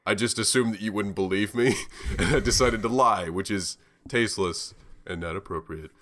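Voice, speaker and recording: A young man co-hosting a podcast, telling a story in a rambling, animated way with plenty of swearing. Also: on the low side, moderate pace. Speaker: podcast co-host. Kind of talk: casual chat.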